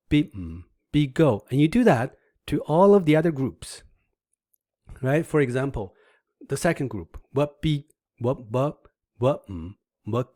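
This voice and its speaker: A man's voice: mid-range voice, darkish tone, no echo, studio quality. A man giving an online language lesson, patiently demonstrating tones by humming and repeating sing-song syllables, often checking in with "right?". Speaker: language teacher.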